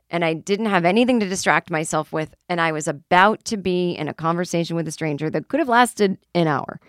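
A woman's voice: fairly low pitch, fairly bright tone, no room sound, studio quality. A woman comedian hosting her podcast, telling a rambling, self-deprecating story and swearing casually. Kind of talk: comic storytelling monologue.

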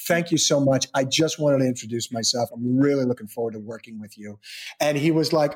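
A middle-aged man, an actor, telling backstage stories in a lively way and acting out the quotes. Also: moderate pace. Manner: lively storyteller acting out quotes with big pitch jumps. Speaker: actor and guest. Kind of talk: animated anecdote-telling.

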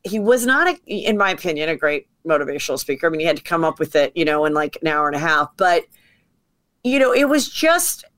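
A woman comedian telling stories as a podcast guest, chatty and quick to act out what people said. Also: low-pitched, very animated, fairly bright tone. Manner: chatty storyteller acting out quotes. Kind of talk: casual podcast chat.

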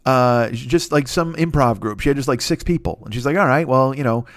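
A man hosting a podcast, telling a crude comedic story in a rambling, profane way and often mimicking other people in high voices. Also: brisk, dry recording, clean studio sound. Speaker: podcast host.

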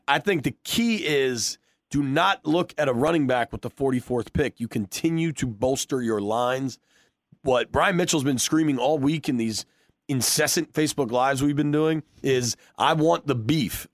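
A man's voice: fairly high pitch, no room sound, studio quality. A man hosting a casual sports podcast, joking and teasing his co-hosts. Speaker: podcast host.

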